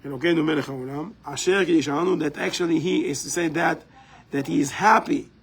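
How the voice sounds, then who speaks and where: A man's voice: a little high, brisk, slightly rough, low-quality recording. A man teaching a live class in a community center, explaining step by step and often checking in with "right?".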